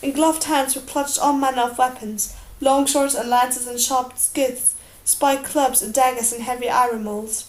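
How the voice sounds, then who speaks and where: A woman narrating an audiobook in a steady, expressive storytelling manner. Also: high voice, a little slow. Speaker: audiobook reader. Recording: roomy echo.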